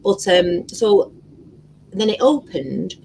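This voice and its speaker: Speaking slowly with vocal fry in a medium-pitched voice, a woman guest rambles animatedly through a story on a video call, swearing freely and using lots of fillers. The audio is poor, with faint noise in the background.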